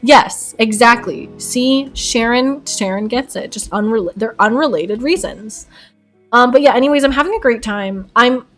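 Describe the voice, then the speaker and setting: A woman's voice: fairly high pitch, moderate pace, soft background music. A woman streamer chatting casually with her live chat while she paints, bubbly and giggly and rambling, at her home desk.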